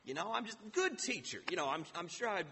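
Fumbling, defensive young ruler voiced by a male preacher, low and halting, sermon echo. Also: very animated, pushed and bright, slight background noise, exaggerated voice. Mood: flustered. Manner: hesitant, stammering. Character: defensive rich young man fumbling for excuses.

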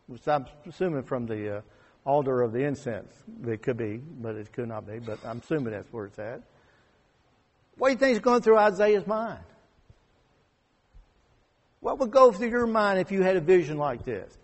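A man's voice: on the high side, breathy edge. Man preaching a sermon in a reverberant hall. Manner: conversational preaching, rising to emphatic peaks and dropping to quiet asides.

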